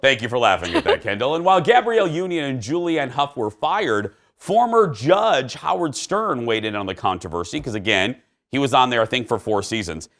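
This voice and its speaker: A man's voice: mid-range voice, big pitch swings, a little fast, a bit bright. A middle-aged man from Indiana hosting a daytime talk show, chatting and telling a family story with lots of fillers and restarts. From Indiana, United States. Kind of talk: casual chat and storytelling.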